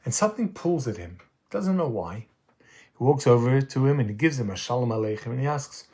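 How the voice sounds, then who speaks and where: A man's voice: medium pitch, lively intonation, brisk, darkish tone, breathy edge. A man narrating a story in an earnest, reflective, intimate way.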